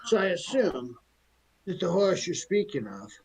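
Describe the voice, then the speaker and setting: Casting: man playing a stuck-up, well-informed horse, measured and lofty, slightly raised pitch. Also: sing-song, creaky, breathy edge, full character voice, low-quality recording. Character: haughty, well-informed male cart horse.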